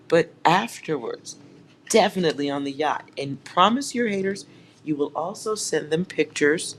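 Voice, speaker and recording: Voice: medium pitch, moderate pace, a little hiss or hum. A tarot reader giving a collective reading at home, speaking straight to viewers in a teasing, sarcastic way and laughing often.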